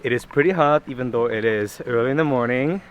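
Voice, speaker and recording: A man's voice: mid-range voice, quick pace, lo-fi sound, a little hiss or hum. A man travel vlogger talking in an easygoing, casual way while hiking an outdoor trail. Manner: easygoing, loose chatter with fillers. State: out of breath from hiking.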